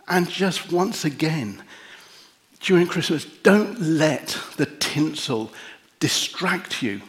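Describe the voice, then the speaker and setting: Male preacher, middle-aged, slow measured delivery, soft reflective sermon tone. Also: a little high. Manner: slow, gentle and reflective with long pauses; emotional, easily moved. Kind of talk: sermon with closing prayer.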